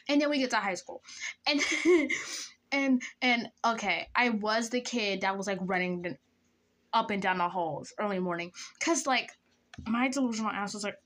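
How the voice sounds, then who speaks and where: A young woman vlogger telling a school-days story while doing her makeup, dramatic and animated, dropping into whispers and jumping into high squeals. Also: moderate pace.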